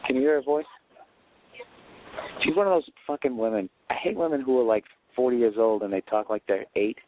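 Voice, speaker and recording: A man's voice: mid-range voice, fairly quick, narrow, tinny audio, a little hiss or hum. A man ranting sarcastically and profanely as a comedy podcast host, recorded in an airport waiting area on a phone. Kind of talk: rambling comedic rant.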